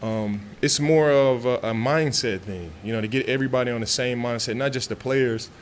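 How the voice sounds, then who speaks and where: A man's voice: medium pitch, normal speed, a little hiss or hum. A man, answering reporters' questions in a loose, chatty way, full of fillers and restarts. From Texas. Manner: relaxed, talkative, frequent fillers and restarts. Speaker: football player at press conference. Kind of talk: casual press interview. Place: media room after practice.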